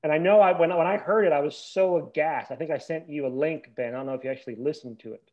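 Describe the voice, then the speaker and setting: A man co-hosting a casual podcast, his voice pitched a bit high. He rants with animated indignation and trips over his own restarts. The sound is slightly dull and lo-fi. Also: fast talker. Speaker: podcast co-host. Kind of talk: casual chat.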